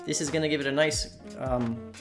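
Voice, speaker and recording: Speaking over music, a Slovak man hosts a cooking channel, his voiceover recorded apart from the video. His medium-pitched voice moves quickly with fairly even intonation. He keeps it casual and chatty, talking straight to his viewers and calling them "you guys."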